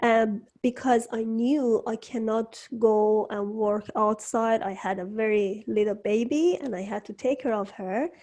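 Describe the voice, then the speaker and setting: A woman hosting an interview from her home studio, speaking English as a second language, slow and halting, with frequent restarts. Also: on the high side, dark tone. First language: not English. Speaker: host. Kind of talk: casual interview chat.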